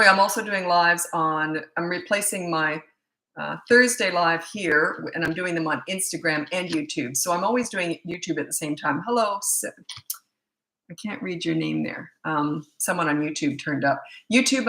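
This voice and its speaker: A woman's voice: fairly low pitch, sharp tone. A woman in her sixties from Canada, a parenting coach chatting casually on a live stream, rambling with fillers and self-corrections. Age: 60s. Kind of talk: casual live-stream chat reading viewer comments. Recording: echoey room.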